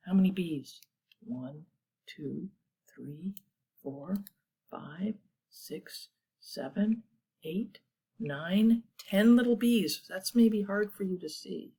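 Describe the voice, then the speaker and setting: A woman children's librarian reading bedtime stories aloud, inviting young listeners to join in with animal sounds in a gentle, calming way. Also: on the low side, slow pace, slightly rough. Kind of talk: children's story time read-aloud.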